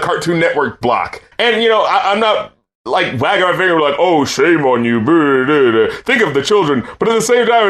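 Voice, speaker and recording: A young man co-hosting a podcast with a high, lively voice that swings widely in pitch. He chats casually and animatedly, laughing often. He trails off and restarts his sentences a lot. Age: young adult. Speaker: podcast co-host. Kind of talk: casual chat.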